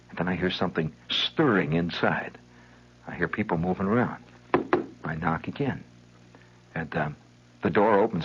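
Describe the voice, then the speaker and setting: A man telling a rambling, wry childhood story as a radio monologue, animated and chuckling, on a lo-fi 1970s broadcast. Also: deep voice, husky.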